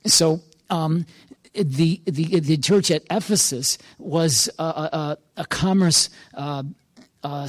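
Male pastor, earnest encouraging sermon, emphatic repetitions, slightly high voice, dry close sound. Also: no room sound.

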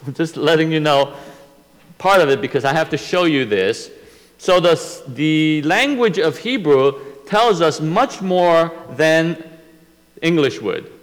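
A man teaching a Bible lesson, explaining slowly and step by step, often restarting his sentences. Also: a little high, big-room sound, low-quality recording.

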